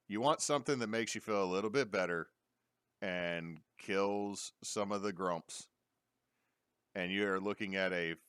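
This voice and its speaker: In this studio-quality clip with no room sound, a podcast co-host with a deep, clear, resonant voice spins stories during casual conversation. He brings them to life by acting out the quotes.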